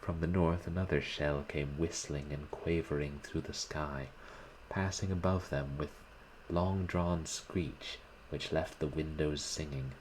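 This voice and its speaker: A man reads a classic short story aloud in a measured, deliberate manner. His voice is deep and low, and he takes his time, unhurried from line to line. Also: steady tone, darkish tone, a little hiss or hum, rough recording. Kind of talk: audiobook-style story reading.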